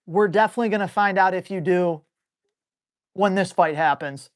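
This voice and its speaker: In a high voice, a blunt male dog trainer takes viewer questions during a live Q&A stream. His delivery is excitable and salty, and he keeps leaping into quick acted-out asides.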